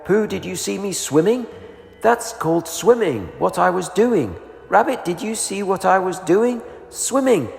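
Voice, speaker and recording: A squeaky, excited little kangaroo boy chirps way up high, as a man reading a storybook aloud puts him on. His voice bounces all over the place. It sits in an echoey room with a long reverb tail. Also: a little slow, gravelly, full character voice.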